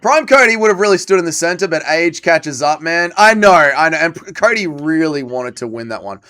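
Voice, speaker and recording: A man's voice: on the high side, animated, fairly quick, bright, forceful tone. A man hosting a livestream watch party, chatting casually and joking as he reads viewer comments aloud and answers them. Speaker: livestream host.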